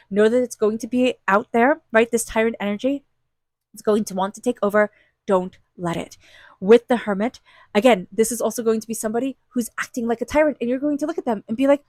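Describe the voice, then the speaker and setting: A woman's voice: a little high, darkish tone, dry recording, studio quality. A woman giving an intuitive tarot reading, talking in an earnest, repetitive and emphatic way, full of spiritual encouragement. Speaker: tarot reader.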